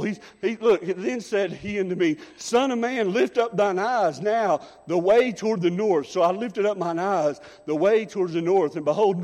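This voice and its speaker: A man's voice: high-pitched, darkish tone, long reverb tail. A man preaching as assistant pastor, emphatic and repetitive, hammering his points with "I'm telling you". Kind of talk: sermon. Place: church sanctuary.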